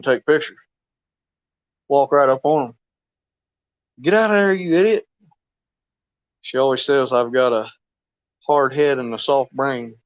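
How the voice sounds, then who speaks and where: A man's voice: mid-range voice, no room sound. Folksy male fishing streamer, rambling and chuckly; dry, dull lo-fi audio. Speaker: fishing live stream host. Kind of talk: casual live stream chat.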